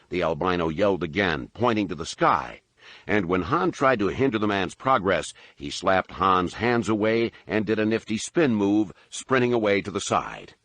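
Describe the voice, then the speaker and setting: A man's voice: low voice, expressive, normal speed, fairly bright tone, no echo. A man narrating a novel audiobook expressively and doing voices for each character.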